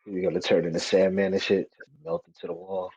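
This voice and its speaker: A man's voice: sits low, little pitch movement, quick pace, darkish tone, slightly rough, no echo, lo-fi sound. A man playing a tabletop game, casual and profane, laughing often. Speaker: player. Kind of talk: tabletop game banter and in-character narration.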